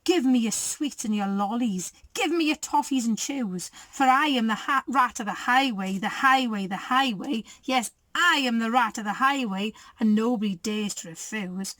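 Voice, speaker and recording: A woman voicing a greedy, swaggering male highway robber rat in a storybook, chanting his boasts. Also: normal speed, few pauses, a bit bright, dry recording, close to an everyday voice. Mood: boastful. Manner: boastful, bossy, sing-song chant.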